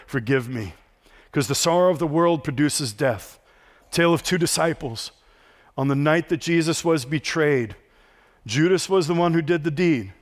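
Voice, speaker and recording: Middle-aged male pastor, earnest sermon delivery, slightly higher voice, questions for the room. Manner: earnest preaching to a congregation, asks the room questions.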